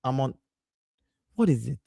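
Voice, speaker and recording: A man in his thirties hosting a casual live stream from his home office, talking in an animated way and breaking off to scold his kids and greet viewers. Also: mid-range voice, unhurried, vocal fry, husky, dry recording, clean studio sound.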